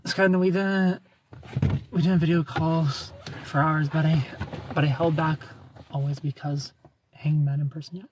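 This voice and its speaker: A man's voice: a little high, steady tone, normal speed, pauses often, noisy background. A man hosting a livestream, chatting casually and giving frank relationship advice to viewers by name. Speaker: livestream host answering viewer comments.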